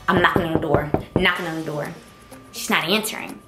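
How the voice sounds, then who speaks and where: A woman's voice: low-pitched, a little fast. A young woman in college telling a personal story in a casual, emphatic way and acting out the dialogue. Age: young adult. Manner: animated, emphatic, acts out dialogue. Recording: roomy echo with faint music.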